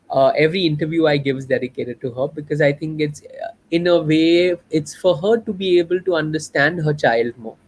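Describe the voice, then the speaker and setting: A young adult man from India, a filmmaker, telling a personal story in an interview in an earnest, heartfelt, reflective way. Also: fairly high pitch.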